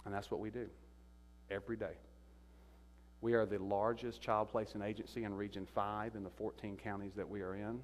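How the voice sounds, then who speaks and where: A lower-pitched man gives a sermon testimony in a church. He stumbles and repeats words as he tells his story. His voice carries a long reverb through the sanctuary. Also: little pitch movement, a little fast, a little hiss or hum. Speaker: guest speaker.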